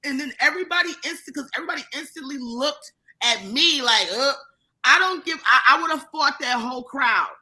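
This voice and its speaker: A woman guest on a live-streamed podcast, telling a profane story in an animated, casual way with many restarts. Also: sits high, a little fast, low-quality recording. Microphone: live stream mic.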